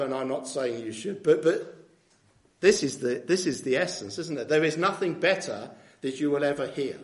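A man preaching a sermon in a conversational way, often asking tag questions of his listeners. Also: a little high. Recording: echoey room.

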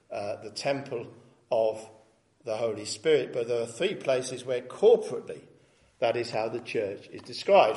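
A man preaching an expository sermon, reading scripture aloud with rising emphasis and stressing key words slowly. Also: mid-range voice. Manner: reads scripture aloud with rising emphasis, then comments plainly.

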